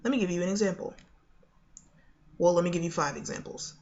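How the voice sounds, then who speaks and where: A young woman explains pronunciation in a relaxed, chatty way, often pausing on fillers and restarting her sentences. Her voice carries a noticeable creaky fry. The recording sounds dull and lo-fi, like a home video. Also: on the low side, a little hiss or hum. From United States. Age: young adult. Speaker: accent coach. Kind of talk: casual video lesson.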